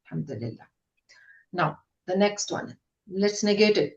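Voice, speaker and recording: Patient woman teacher, slow drilled repetition. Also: medium pitch, animated, highs cut off. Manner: patient, repeats words slowly to model pronunciation. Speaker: Quran Arabic grammar teacher. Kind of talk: recorded online lesson.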